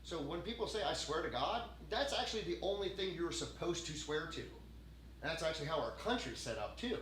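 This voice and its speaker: A man hosting a podcast, talking casually in a rambling, profane, animated way. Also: on the high side, a little fast. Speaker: podcast host. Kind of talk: casual chat. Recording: echoey room, mic at a distance, faint hiss.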